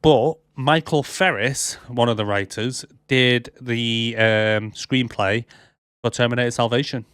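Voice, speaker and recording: A man's voice: medium pitch, steady tone, a little slow, fairly bright tone, clean tone, no room sound, clean studio sound. A man co-hosting a movie podcast, chatting casually and rambling with lots of fillers. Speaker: podcast co-host. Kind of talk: casual chat.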